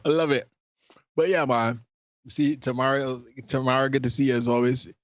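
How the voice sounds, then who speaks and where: A man's voice: medium pitch, fairly even intonation, moderate pace, no echo. Laid-back male co-host on a dull line. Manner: laid-back, rambling, with many fillers and restarts. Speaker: podcast co-host. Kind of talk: casual chat.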